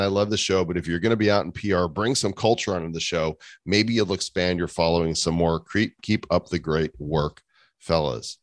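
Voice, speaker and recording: A man living in Puerto Rico co-hosts a podcast, reading listener reviews aloud in casual chat with dry, chuckling humor. His voice is deep, and there is no echo.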